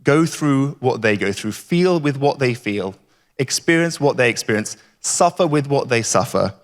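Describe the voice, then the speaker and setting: A man's voice: medium pitch, lively intonation, normal speed. A man giving an emphatic, rhetorical conference talk. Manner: emphatic, rhetorical, repeats catchphrases. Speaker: conference speaker. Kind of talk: keynote talk. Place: conference hall. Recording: reverberant hall.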